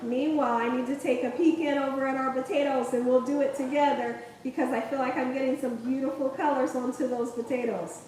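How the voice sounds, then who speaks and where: A high-pitched young woman hosts a live cooking stream, chatty and quick to laugh, tagging "okay?" onto her steps. She sounds far from the mic, in a very echoey home kitchen with faint cooking noise behind her. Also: steady tone, a little mellow. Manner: chatty, laughs often, says okay a lot. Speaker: cooking channel host.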